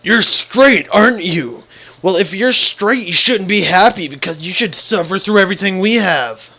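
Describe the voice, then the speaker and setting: A man's voice: high-pitched, animated, normal speed, pushed and bright, full character voice. A man voicing a big, angry man who confronts someone and keeps accusing them. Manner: accusing, pushy.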